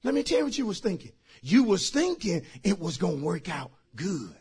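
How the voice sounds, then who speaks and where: Man, pastor, sermon, husky, very lively pitch, shouts and hushes. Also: brisk. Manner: dramatic preaching, swinging from shouts to near-whispers.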